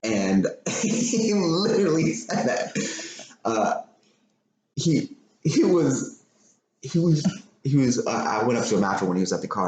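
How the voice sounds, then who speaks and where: A man's voice: medium pitch, measured pace, long pauses. A man hosting a podcast, animatedly retelling a story in casual chat, swearing and repeating himself. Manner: animated, profane, repetitive retelling. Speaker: podcast host. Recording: echoey room with faint noise.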